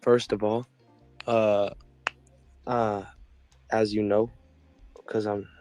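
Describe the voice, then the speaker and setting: A man's voice: fairly low pitch, level tone, extremely slow, darkish tone, soft background music. A man from Washington State calling in, speaking hesitantly with many fillers. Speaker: caller.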